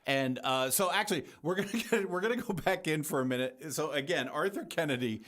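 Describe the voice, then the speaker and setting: This podcast co-host has a slightly high, fairly bright voice and talks briskly and expressively. His casual film discussion comes across as enthusiastic and full of jokes.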